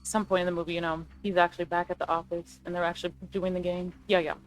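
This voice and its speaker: A young woman chatting casually as a video creator, rambling and excitable, correcting herself as she pitches ideas. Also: quick pace, soft background music. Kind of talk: casual chat, movie rewrite ideas.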